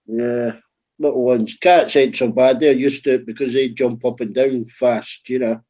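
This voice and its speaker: A man's voice: mid-range voice, fairly even intonation, normal speed, warm tone. A man chatting casually in a blunt way and swearing offhandedly. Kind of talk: casual chat. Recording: dull lo-fi sound.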